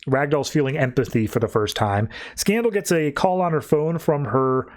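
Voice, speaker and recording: A man's voice: mid-range voice, normal speed. A man hosting a podcast, recapping comics in a chatty way with plenty of fillers. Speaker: podcast host. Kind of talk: casual comic book recap.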